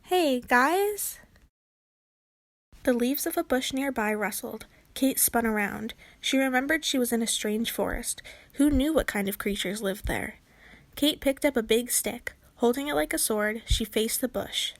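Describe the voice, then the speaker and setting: A woman narrating a children's book aloud in a clear, expressive storytelling voice. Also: fairly high pitch, moderate pace, no echo.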